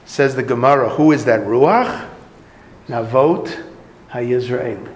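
A man's voice: medium pitch, takes it slowly, echoey room, rough recording. A man giving a talk, retelling an old story with dramatic flair and acting out the voices.

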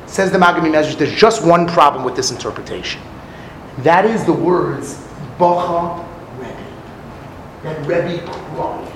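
A man's voice: high-pitched, echoey room, slight background noise, low-quality recording. A man giving a sermon on a Talmud story, telling it dramatically with acted quotes and Hebrew phrases. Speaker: rabbi teaching Talmud.

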